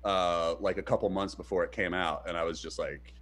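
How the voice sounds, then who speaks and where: A man's voice: low-pitched, fairly quick. A man co-hosting a casual streamed chat, rambling with many fillers and acting out the stories he tells. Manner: rambling, hesitant with many fillers, animated retellings. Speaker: podcast co-host.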